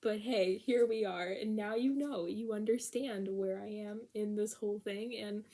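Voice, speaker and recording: A young woman talks through a pick-a-card tarot reading in a loose, chatty way. She is frank and exasperated, breaks into laughter and lets the odd swear word slip. Her voice sits at an ordinary middle pitch. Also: a little slow, mellow. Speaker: tarot reader.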